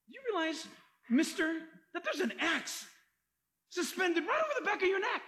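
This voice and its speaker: A male pastor preaching a sermon, animated and emphatic, quoting scripture and joking along the way. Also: very high-pitched, moderate pace.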